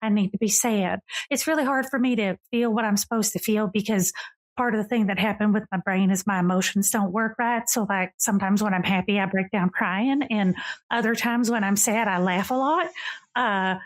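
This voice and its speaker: A woman's voice: mid-range voice, steady tone, moderate pace, pitched above the performer's own voice, lightly acted. A woman voicing a tall, whimsical fey lady who gushes, apologizes and rambles off track. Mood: chirpy. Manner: gushing, apologetic, rambling and distracted.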